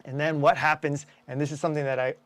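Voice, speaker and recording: A man's voice: on the high side, level tone, quick pace, a bit bright, low-quality recording. A man hosting a casual business talk show, rambling with lots of fillers and restarts, working as an event emcee. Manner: rambling, filler-heavy, with frequent self-corrections.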